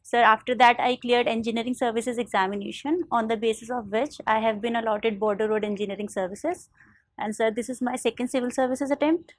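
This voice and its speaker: A young woman from India answering a formal interview panel politely, often saying "sir" and pausing with fillers. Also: on the high side, steady tone, no room sound. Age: young adult. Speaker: interview candidate.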